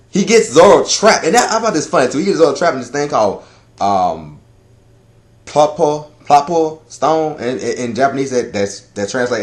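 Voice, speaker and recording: A man giving a casual chapter review, talking in a loud, profane, rambling way that is full of laughter. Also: medium pitch. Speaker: anime and manga reviewer.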